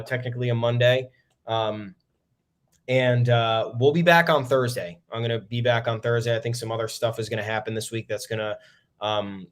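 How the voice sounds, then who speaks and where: A young man hosting a solo sports podcast, ranting bluntly with frequent swearing and many "um" fillers. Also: mid-range voice. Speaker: podcast host.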